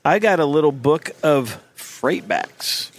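Higher-voiced man, eager chatter. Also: sing-song, slow pace, a little hiss or hum. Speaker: podcast co-host. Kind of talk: casual chat.

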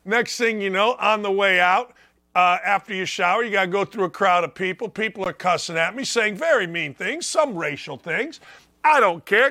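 High, bright-voiced ranting man in his sixties. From northwest Indiana. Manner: ranting, mocking, repeats his points. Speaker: sports talk show host. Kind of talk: opinionated sports talk monologue.

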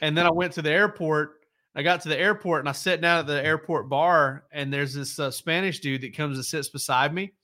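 A man's voice: on the high side, a little fast, sharp tone. A man telling casual, rambling stories on a sports podcast, often correcting himself as he goes. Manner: rambling, self-correcting, laid-back storyteller. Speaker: sports reporter.

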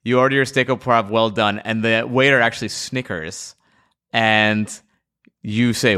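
Joking Long Island host, bright voice. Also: male voice, fairly low pitch, moderate pace. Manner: joking, profane, riffing. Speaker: podcast host. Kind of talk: casual podcast chat.

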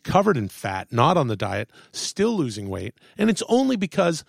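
A man in a casual podcast chat, telling animated stories, swearing freely and acting out what people said. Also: fairly high pitch, normal speed, creaky, no echo, studio quality. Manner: animated storyteller, swears, acts out quotes. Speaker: podcast guest, actor and comedian. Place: podcast studio.

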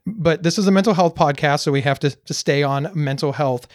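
A man's voice: on the high side, brisk, dry recording, clean studio sound. A man hosting a mental health podcast, asking questions in a thoughtful, conversational way. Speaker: podcast host. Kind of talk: podcast interview.

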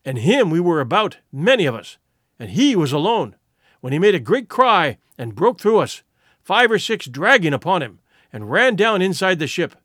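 A man's voice: sits high, moderate pace, no echo, studio quality, exaggerated voice. A man voicing Unenk, a fierce wounded warrior. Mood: grim storytelling. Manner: fierce, boastful proclamations, flat when grim. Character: wounded male warrior, fierce, boastful, grim.

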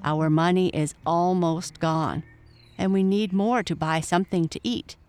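A woman's voice: fairly low pitch, fairly even intonation, a little slow, darkish tone, clean tone, faint music behind, close to an everyday voice. A woman doing a kindly Irish widowed mother. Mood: gentle.

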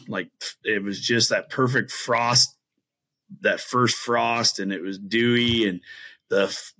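A man from the Midwest telling long, rambling hunting stories as a podcast guest, full of fillers and restarts, and acting out the voices he quotes. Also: medium pitch. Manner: animated, acts out quoted voices. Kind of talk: casual storytelling.

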